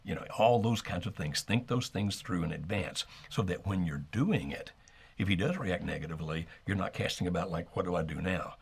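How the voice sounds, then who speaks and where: A man co-hosting a live call-in marriage advice show, calmly explaining what to do and acting out sample lines. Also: sits low, moderate pace, vocal fry, breathy edge. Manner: calm, explanatory, acts out sample dialogue. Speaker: marriage coach co-host.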